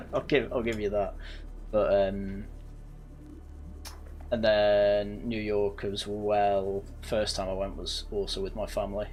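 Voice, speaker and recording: A man's voice: on the low side, little pitch movement, takes it slowly, long pauses, a little mellow, soft background music. A young man from England with a slightly posh northern English accent, chatting casually and telling rambling, self-correcting stories while playing a game. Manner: rambling anecdotes with frequent laughs and self-corrections. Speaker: gaming channel host. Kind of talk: casual let's-play chat.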